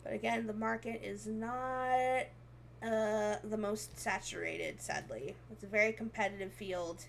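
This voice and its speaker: A woman's voice: medium pitch, fairly even intonation, measured pace, creaky, a little hiss or hum. A young woman streaming as a VTuber, chatting casually and giggling often as she reads comments aloud. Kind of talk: casual livestream chat, reading comments.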